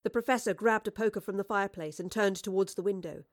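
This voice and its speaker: A woman storyteller reading a story aloud in a clear, even voice at a middling pitch. The sound is dry and close, with no room echo. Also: quick pace. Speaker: narrator.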